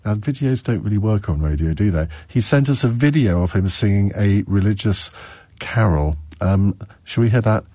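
A man's voice: fairly low pitch, moderate pace, warm tone, no room sound. A man hosting a radio phone-in, chatty with stumbling restarts. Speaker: radio host.

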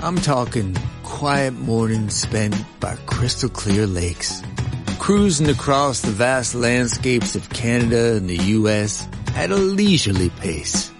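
A man voicing a radio advert, his folksy sales pitch delivered at an unhurried pace. His pitch rises and falls freely across the lines. Clear music plays underneath him. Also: animated. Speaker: advert voice-over. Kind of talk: scripted radio ad.

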